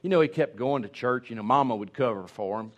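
A man's voice: mid-range voice, quick pace. A man in his sixties preaching a humorous, folksy storytelling sermon, rambling and restarting as he jokes.

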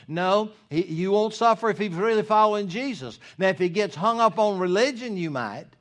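A male pastor, preaching a sermon in a folksy style, acting out conversations and building to emphatic points. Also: a little high. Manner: folksy preaching with quoted dialogue and rising emphasis.

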